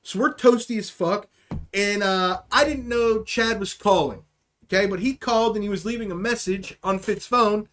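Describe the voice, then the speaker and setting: A man's voice: high-pitched, normal speed, fairly bright tone. A young man hosting a livestream, telling a rambling, profane story in casual chat, often checking in with "okay?". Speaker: livestream host.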